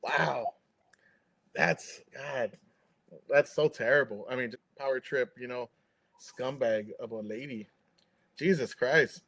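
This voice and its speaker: A man's voice: medium pitch, slow pace, gravelly, long pauses, a bit bright, slightly rough, dry recording. A man hosting a casual interview, reacting bluntly and with sympathy. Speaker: podcast host.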